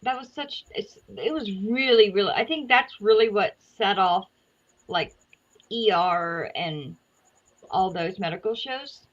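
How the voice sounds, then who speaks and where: A woman's voice: mid-range voice, animated, a little slow. Rambling woman on a dull lo-fi line. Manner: rambling, talkative. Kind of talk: casual chat.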